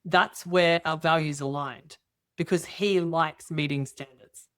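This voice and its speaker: A middle-aged woman guest telling personal stories in casual conversation, lively and acting out dialogue with quoted voices. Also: low voice, unhurried. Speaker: interview guest.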